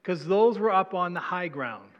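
Male pastor, chatty sermon delivery, a bit high-pitched, big reverberant sanctuary. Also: animated, normal speed, dull audio. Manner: conversational preaching, asks congregation questions. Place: church sanctuary. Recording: long hall reverb.

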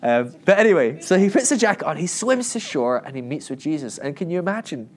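A man's voice: a little high, fast talker, a little hiss or hum. A man giving a casual, humorous Bible teaching, joking and acting out quoted lines. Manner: jokey, animated, acts out quotes in raised voices. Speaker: Christian teacher.

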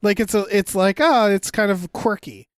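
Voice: mid-range voice, normal speed, no room sound, studio quality. A podcast co-host in casual chat, summing up a film in a rambling way with many restarts.

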